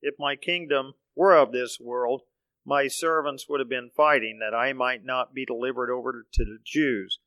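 A serene, solemn teacher in a dramatized scripture reading, played by a man. He speaks calmly and evenly in a mid-pitched voice, recorded dry and close. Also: no room sound, lightly acted, rough recording. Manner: calm, measured, solemn.

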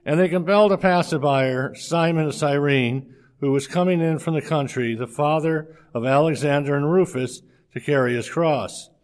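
A man reading a scripture passage aloud in a steady, measured way, with a few slips. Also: fairly high pitch.

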